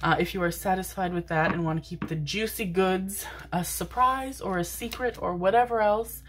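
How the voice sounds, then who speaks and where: A woman's voice: medium pitch, moderate pace. A woman giving a casual tarot reading to the camera, affectionate and rambling, calling her viewers "my babies". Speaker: tarot reader. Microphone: desk microphone, seated in a chair.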